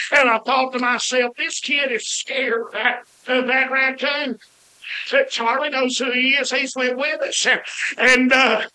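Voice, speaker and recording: A man's voice: very high voice, bright, forceful tone, low-quality recording. A man, a preacher telling a folksy story in a sermon and now and then bursting into hollering.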